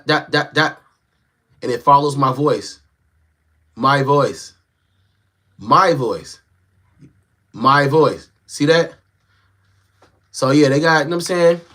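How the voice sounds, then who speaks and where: A young male streamer with a mid-range, slightly bright voice reads viewer comments in a casual live-stream chat. Laid-back and slangy, he talks straight to his viewers from a small home room he built as a stream set, recording on a phone.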